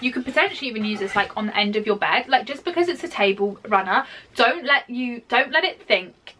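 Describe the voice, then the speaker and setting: A woman's voice: fairly high pitch, bright, forceful tone, recorded from a distance. A young British woman vlogging a try-on haul at home, rambling and chatty with lots of filler words. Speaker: fashion vlogger. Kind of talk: casual try-on haul chat. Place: home office.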